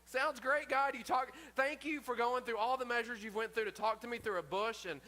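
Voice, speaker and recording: A man's voice: very high-pitched, steady tone, brisk, pushed and bright, voice pushed up. A man voicing a reluctant Moses who pleads to be let off, in a pleading, exasperated tone. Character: reluctant grown man Moses, whiny and evasive.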